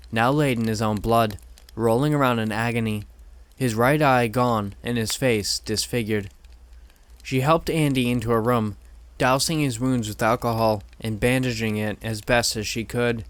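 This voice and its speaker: A man reading horror stories aloud in measured, steady scripted narration. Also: medium pitch, dry recording.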